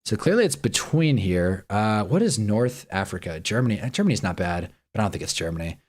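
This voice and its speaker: Lively low-voiced man chatting on a livestream. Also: brisk. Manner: chatty, thinks aloud, mutters and swears. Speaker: livestream host. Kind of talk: casual live-stream chat.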